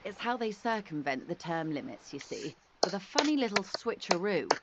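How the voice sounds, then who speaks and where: An actress playing a calm, curious, talkative company negotiator in a video game, speaking politely and evenly. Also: female voice, medium pitch, moderate pace, lo-fi sound, very noisy, lightly acted.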